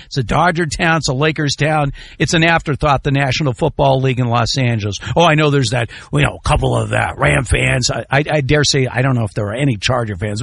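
A male radio host chatting casually about sports, animated and joking, his voice jumping up loudly at times. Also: mid-range voice, moderate pace, vocal fry, no echo. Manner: animated, jokey, swings to loud exclamations.

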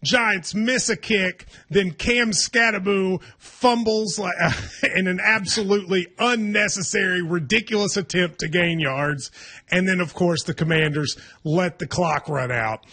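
High bright husky man hosting. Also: measured pace. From Kentucky. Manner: wry, teasing, hedging restarts. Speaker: sports talk show host. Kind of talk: casual sports radio chat.

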